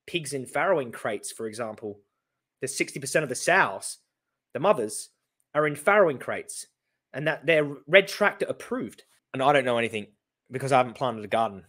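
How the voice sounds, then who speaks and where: A man in his thirties with an Australian accent, reacting to his own TV debate with animated, sarcastic commentary. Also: mid-range voice, fairly quick. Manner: animated, sarcastic, laughing in disbelief.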